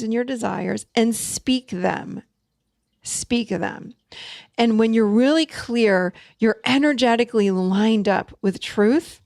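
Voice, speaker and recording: A middle-aged woman talks straight into a close mic with no room sound, coaching her listeners in a relaxed way. She leans hard on key phrases, repeats them for weight, and drops in quick laughs. Her pitch sits at a middling level for a woman. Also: creaky, no echo. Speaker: podcast host and coach. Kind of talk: casual teaching monologue.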